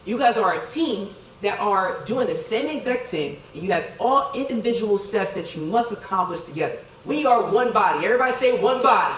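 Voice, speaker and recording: A middle-aged man giving a motivational keynote in an event hall, energetic, calling for crowd responses and counting out dance moves. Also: high-pitched, brisk, few pauses, slight background noise. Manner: energetic, leads crowd through dance counts, keeps asking "okay?". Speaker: keynote speaker. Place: event hall with tables and chairs. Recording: echoey hall, voice from a distance.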